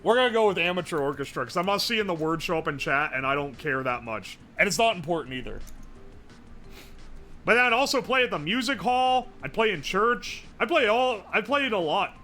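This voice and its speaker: A man's voice: high-pitched, big pitch swings, fairly quick, pushed and bright, soft background music. A man streaming live, chatting casually and profanely as he rambles and answers his chat.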